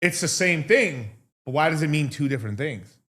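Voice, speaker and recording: A man's voice: fairly high pitch, animated, normal speed, fairly bright tone. A man hosting a casual livestream, talking in a profane, rambling way and laughing often. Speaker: host.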